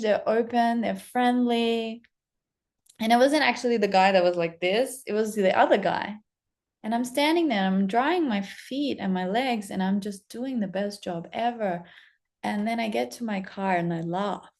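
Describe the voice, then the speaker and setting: A young adult woman, a spiritual coach, telling a personal story to camera in a lively, casual way and acting out the other people's lines. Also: medium pitch, measured pace. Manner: animated, acts out quoted voices, casual swearing.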